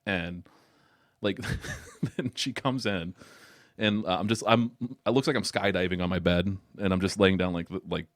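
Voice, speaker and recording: A man's voice: deep voice, no echo, clean studio sound. A young man chatting as a podcast guest, telling rambling stories with plenty of swearing and laughter. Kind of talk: casual chat.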